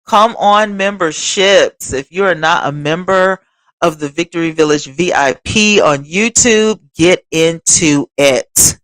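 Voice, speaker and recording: A livestream host chats expressively and speaks straight to her viewers while reading their comments. Her voice sits low and runs a little slow, with no room sound.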